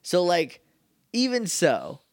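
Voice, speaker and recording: A man co-hosting a podcast, recapping a show in casual chat with a wry, animated manner. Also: high voice, no room sound, studio quality. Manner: wry, animated retelling with quick quoted voices. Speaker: podcast co-host.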